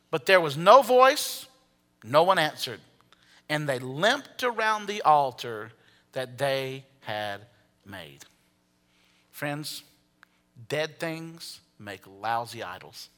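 A man preaching a sermon as pastor, swinging from hushed asides to loud, animated calls and leading the congregation to repeat phrases. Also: fairly high pitch, measured pace. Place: church sanctuary. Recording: long reverb of a large hall.

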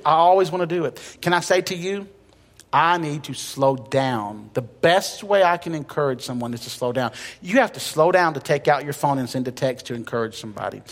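A male pastor preaching a sermon in a conversational way, with light humor and emphatic repetition. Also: on the high side. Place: church sanctuary. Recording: long reverb of a church hall.

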